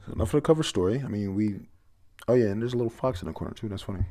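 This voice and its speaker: A young man with a lowish voice talks through a comic chapter in loose, casual commentary. He rambles, trips over words as he reads and drops the odd curse. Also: animated, racing, mellow. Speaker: manga chapter reviewer.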